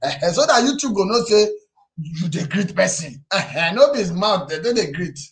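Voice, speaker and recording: High-voiced man with Nigerian Pidgin accent. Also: fast. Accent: Nigerian Pidgin English. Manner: animated, teasing, reads viewer comments aloud. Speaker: YouTube live stream host. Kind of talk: casual live stream chat.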